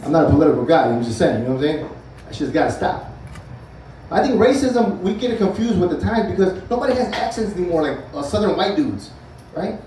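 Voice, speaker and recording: A comic in his forties, speaking in a high, sing-song, warm voice at a quick pace, performs a loose, profane stand-up set and chats with the crowd between bits. The comedy club recording is echoey and distant, with slight background noise and audience laughter.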